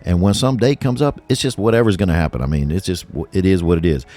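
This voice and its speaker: A man's voice: sits low, fast talker, warm tone. A man co-hosting a chat show in a radio studio, talking in an emphatic, preachy way. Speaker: co-host. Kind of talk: casual chat.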